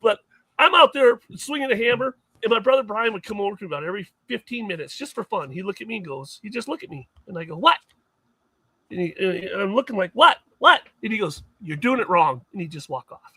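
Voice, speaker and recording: A middle-aged man with a bright, high voice and a slightly husky edge, rambling through self-mocking stories on a podcast. He restarts his sentences often, and the sound is close and dry. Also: expressive, fast talker, dry recording. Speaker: guest, mining equipment maker. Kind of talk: casual podcast chat.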